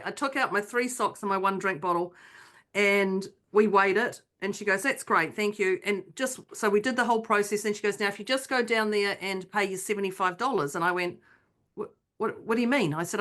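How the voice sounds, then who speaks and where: A woman chatting on a podcast, her voice set in the middle of the usual range. She recounts a story with animated flair, slipping into the voices of the people in it. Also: mid-range voice, fairly quick. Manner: animated storyteller, acts out her own quotes. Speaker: podcast co-host. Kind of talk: casual chat, storytelling.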